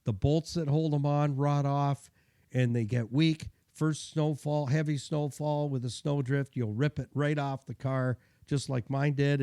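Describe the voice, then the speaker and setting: A man's voice: mid-range voice, warm tone, no room sound, studio quality. A middle-aged man, a mechanic telling a chatty, self-deprecating story and giving car care tips. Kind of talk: casual storytelling and advice.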